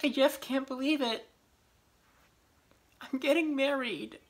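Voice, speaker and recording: A woman's voice: sits high, takes it slowly. A young woman playing a weepy, nervous older bride. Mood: overwhelmed. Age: young adult. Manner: tearful and fretful. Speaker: student actor. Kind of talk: amateur stage comedy.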